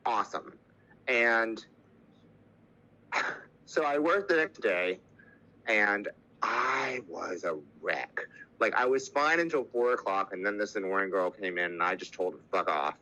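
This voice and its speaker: A man's voice: lowish voice, lively intonation, measured pace, pauses often, sharp tone, rough recording. A man, a podcast guest, telling a candid personal story with emotion, swearing and acting out what others said.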